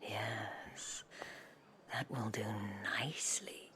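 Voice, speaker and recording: An actress voicing a sultry, scheming brothel madam in a video game, speaking in a breathy near-whisper with slow, teasing, silky delivery. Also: female voice, rumbling low, steady tone, sharp tone, heavily acted.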